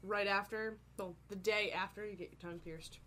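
A woman in casual chat, cracking crude jokes with quick comebacks. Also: medium pitch, fairly even intonation, a bit bright.

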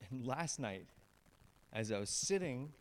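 Male pastor, mid-pitched voice, sermon delivery that swings between emphatic highs and hushed lows. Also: unhurried. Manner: animated storyteller, swings from raised emphatic lines to low hushed ones.

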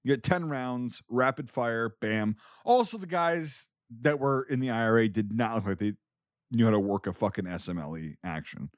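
A man's voice: medium pitch, normal speed, dry recording, studio quality. A man from Wisconsin, co-hosting a casual film podcast, ranting in mock anger and swearing heavily. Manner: loud, heavy swearing, mock-angry ranting. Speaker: podcast co-host.

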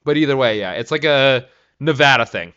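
Brief: tipsy man, mid-pitched, profane teasing banter, muffled lo-fi recording. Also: lively intonation, a little fast, a bit bright. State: tipsy from tequila. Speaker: podcast co-host. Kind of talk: casual chat.

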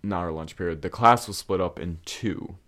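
A man's voice: deep voice, moderate pace, fairly bright tone. A young man hosting a podcast, telling stories from his past in a candid, casual way, swearing freely and using plenty of fillers. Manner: candid and profane, with frequent fillers. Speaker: podcast host. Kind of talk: casual storytelling.

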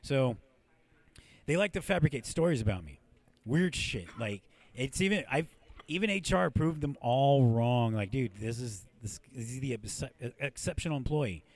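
A man's voice: mid-range voice, animated, normal speed, a little mellow. A man hosting a podcast, telling rambling, profane stories in casual chat. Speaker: podcast host.

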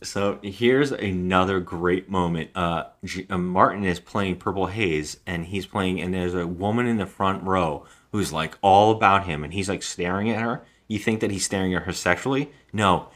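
Man, podcast co-host, low-ish voice, casual chat, plays out the characters' lines. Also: normal speed, few pauses. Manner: animated retelling, acting out characters' lines. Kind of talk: casual chat about a movie.

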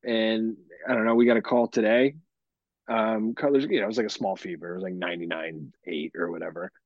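A man's voice: fairly low pitch, steady tone, brisk, no echo. A man in his thirties co-hosting a casual podcast, blunt and self-mocking, swearing freely. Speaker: podcast co-host. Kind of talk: casual chat. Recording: dry, dull lo-fi sound.

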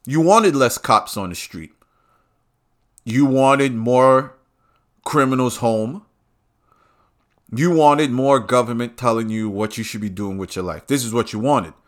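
A man's voice: medium pitch, a little slow, long pauses. Angry, profane man ranting. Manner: heated, profane and repetitive. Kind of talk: ranting monologue.

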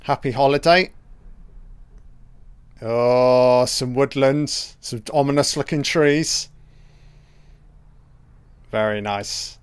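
Slow, profane man reacting to a film. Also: mid-range voice, clean tone, no room sound. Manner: profane, chatty reactions to the screen. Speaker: film commentator. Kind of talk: casual film watch-along commentary.

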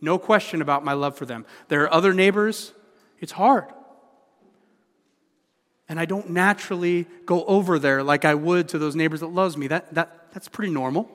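A man's voice: a little high, moderate pace, fairly bright tone. A man in his thirties preaching a sermon as pastor, conversational and full of rhetorical questions. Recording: long hall reverb.

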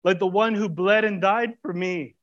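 A man's voice: high voice, steady tone, normal speed, dull audio. Impassioned man preaching a sermon. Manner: impassioned, swings from loud urging to hushed intimacy; colloquial preaching, casual grammar. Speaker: pastor.

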